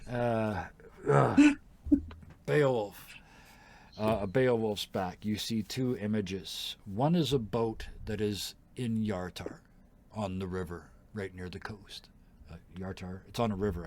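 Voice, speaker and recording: A man with a fairly low voice runs a tabletop game, describing the world to his players. He narrates casually, with fillers and the odd laugh. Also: normal speed. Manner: relaxed storytelling with fillers and laughs. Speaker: game master.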